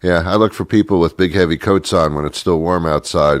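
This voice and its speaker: A man's voice: sits low, a little fast, few pauses, no echo, clean studio sound. A man hosting a talk show, rambling sarcastically through a comic monologue with many asides. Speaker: radio show host.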